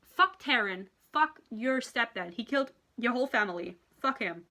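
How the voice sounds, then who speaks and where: A woman ranting in a book review vlog, exasperated, sarcastic and profane, acting out characters in quick impressions. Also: on the high side, lively intonation, bright, forceful tone.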